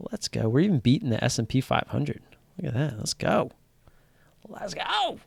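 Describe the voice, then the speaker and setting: Gravelly, excitable man streaming live. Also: on the high side, no echo. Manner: excitable, swears casually, rambling restarts. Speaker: livestream host talking day trading. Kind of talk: casual live-stream chat. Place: home streaming setup wearing headphones.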